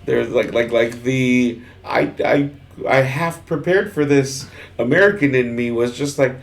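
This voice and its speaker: A man from Texas co-hosting a podcast, talking casually and haltingly, with frequent restarts and laughs as he tells stories. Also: medium pitch. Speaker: podcast co-host. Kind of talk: casual chat.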